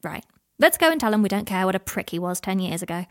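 A woman's voice: medium pitch, big pitch swings, fast, dry recording, studio quality, lightly acted. A woman voicing a blunt, foul-mouthed young woman friend in a storybook reading. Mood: brash.

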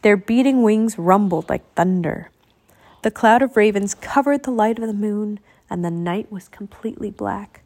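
A woman reading a children's adventure book aloud in a steady storytelling manner. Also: medium pitch, moderate pace. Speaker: audiobook reader.

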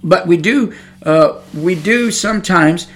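A man's voice: high-pitched, slow pace, fairly bright tone. A man preaching a sermon on his podcast, talking in a fired-up, conversational way and repeating his points.

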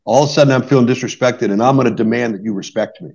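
Here a middle-aged man, a marriage therapist, gives conversational podcast advice about conflict in rapid-fire bursts, his medium-pitched voice carrying vocal fry and a slight mellowness. Earnest and example-driven, he peppers his points with "right?" tags, recorded in dull lo-fi quality.

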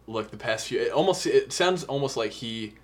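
A man's voice: medium pitch, expressive, normal speed. A man co-hosting a podcast, chatting casually about an album, earnest and openly emotional as he quotes lyrics. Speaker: podcast co-host. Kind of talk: casual music review chat.

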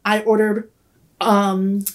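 A woman's voice: mid-range voice, flat delivery, takes it slowly. A young woman in her twenties telling a long story in casual chat, rambling and giggly, saying "like" constantly. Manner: rambling, giggly, heavy use of "like". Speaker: podcast guest.

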